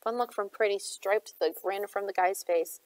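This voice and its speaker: A woman's voice: mid-range voice, normal speed, no echo, low-quality recording. A woman reading a novel aloud, narrating steadily as an audiobook reader.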